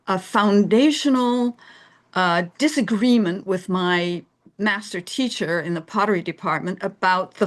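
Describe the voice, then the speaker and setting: Chatty woman telling stories. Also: mid-range voice. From England. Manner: animated storyteller, laughs often, acts out voices. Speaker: guest. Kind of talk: casual interview storytelling.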